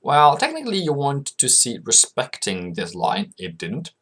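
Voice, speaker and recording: A man's voice: mid-range voice, wildly swooping pitch, moderate pace, a bit bright, husky. A man hosting a trading video, giving casual chart commentary and answering his own questions in a chatty way. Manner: asks himself questions and answers them; chatty, coaxes viewers as "mate". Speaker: forex trading channel host.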